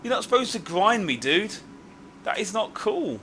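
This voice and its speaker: Excitable man narrating his gameplay. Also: normal speed, very noisy. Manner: excitable, raises his voice high when annoyed; casual and chatty, drops to calm when signing off. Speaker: video game YouTuber. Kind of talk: gameplay commentary.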